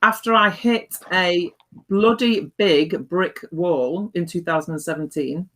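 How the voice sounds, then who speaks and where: A woman's voice: on the low side, measured pace, a bit bright. A middle-aged woman talking as a guest on a talk show, blunt and down-to-earth, with mild swearing and hearty laughs. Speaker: guest, life coach. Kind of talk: casual chat.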